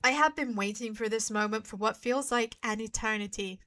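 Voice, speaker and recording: A woman streamer playing a visual novel talks in a fairly high pitch, brisk and sharp-toned. Her live let's-play commentary is an exasperated rant, full of swearing and pleading directed at the screen.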